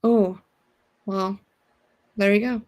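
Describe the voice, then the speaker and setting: A woman's voice: mid-range voice, steady tone, takes it slowly, a little mellow. A woman guesting on a casual livestream, talking in a rambling way with lots of fillers. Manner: talkative, rambling, many fillers like "like". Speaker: guest co-host.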